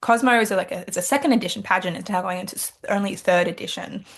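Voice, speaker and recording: A young woman from Australia talks casually as an interview guest. She tells her story with animated energy, acting out her own past thoughts in quotes. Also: medium pitch, fast. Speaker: pageant titleholder guest.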